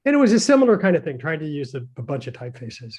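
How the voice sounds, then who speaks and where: A man's voice: on the high side, very animated, rapid-fire, darkish tone, husky. An older man, a designer, chatting casually and telling anecdotes in a hesitant, rambling way with many fillers and chuckles. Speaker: guest, designer. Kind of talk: casual conversation.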